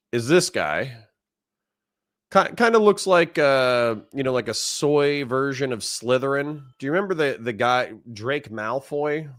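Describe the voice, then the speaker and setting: A grumpy political commentary streamer hosts a casual live stream, speaking bluntly and mockingly with lots of fillers. His voice is medium in pitch with a fairly bright tone, captured in a dry, studio-quality recording.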